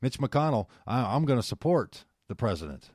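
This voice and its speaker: A man putting on a Kentucky accent to play a dismissive older male politician in a quick talk radio impression. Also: medium pitch, very animated, darkish tone, slightly rough, no room sound, clean studio sound.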